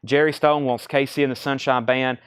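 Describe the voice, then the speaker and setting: A man's voice: medium pitch, steady tone, clean tone, no echo, studio quality. Breathless man running a live record sale. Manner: brisk, matter-of-fact auctioneer patter. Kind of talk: live sales stream, rattling off prices.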